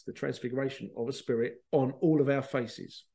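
Chatty man with a mellow voice. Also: medium pitch, normal speed, gravelly. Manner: animated, chatty, laughs and swears while telling stories. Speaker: spiritual medium and podcast host. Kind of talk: casual storytelling.

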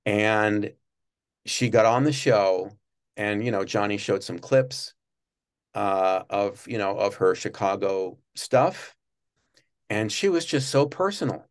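A man being interviewed, telling long, rambling stories about his work at a TV studio and breaking into quick impressions of people. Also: on the low side. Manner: rambling, many restarts, animated when mimicking others. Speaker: guest recalling work at a TV studio. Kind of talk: casual interview storytelling.

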